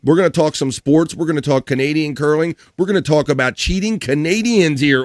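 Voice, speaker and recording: A man hosting a casual live stream, chatting in a jokey, animated way and mimicking others. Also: a little high, a little fast, no echo, studio quality. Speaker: host.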